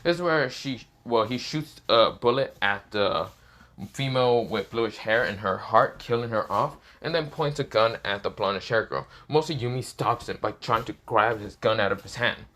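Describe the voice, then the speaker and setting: A man's voice: medium pitch, moderate pace, fairly bright tone. A man improvising a fan-fiction story aloud, rambling with many fillers and self-corrections.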